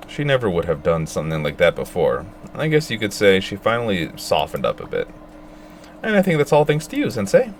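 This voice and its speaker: A man's voice: fairly low pitch, huge pitch swings, a little fast, slight background noise. A man reading the lines of a chatty schoolgirl fondly recalling a classmate, close to his own voice. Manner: chatty, fond reminiscing.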